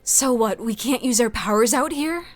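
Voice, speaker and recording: A man reading an audiobook, voicing a gentle, worried young woman healer. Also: extremely high pitch, normal speed, dry recording, faint music behind, pitched above the performer's own voice.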